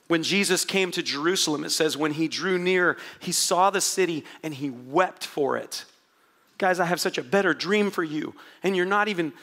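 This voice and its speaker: A man preaching a sermon to a congregation, swinging from quiet asides to loud, impassioned moments. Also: a little high. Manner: animated, swings from quiet asides to shouted prayers. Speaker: pastor.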